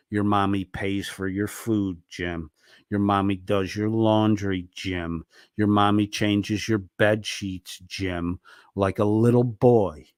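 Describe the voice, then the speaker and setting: Angry male streamer, low and dry, berating rant full of swearing. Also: a little mellow, dry recording. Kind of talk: ranting monologue.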